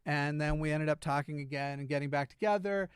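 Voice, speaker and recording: A man's voice: on the high side, a little fast, clear, resonant tone, dry recording, studio quality. A man talking casually on a livestream, hesitant, with many "uh" and "like" fillers and restarts. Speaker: livestreamer in a played clip.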